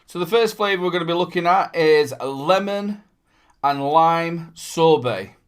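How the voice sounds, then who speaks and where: A man's voice: on the high side, lively intonation, a little slow, clean tone. A man hosting a casual review vlog. He talks in a chatty, upbeat, rambling way and adds playful asides. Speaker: vape reviewer and channel host.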